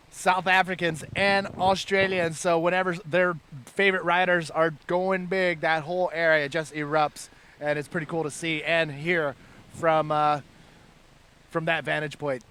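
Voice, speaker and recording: A man's voice: a little high, level tone, unhurried, fairly bright tone, smooth. A man calling live play-by-play at a surf contest, upbeat and hyping the action. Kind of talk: live sports commentary.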